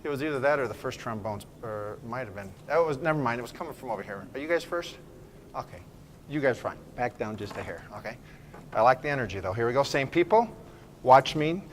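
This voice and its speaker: A man leading a school band rehearsal, giving brisk, encouraging directions, counting off and singing phrases to show how they should sound. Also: mid-range voice, lively intonation, slight background noise. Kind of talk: ensemble rehearsal instruction.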